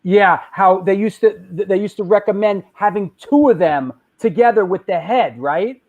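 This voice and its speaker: A man hosting a casual talk-show interview, asking hesitant, halting questions. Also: high voice, darkish tone. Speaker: host.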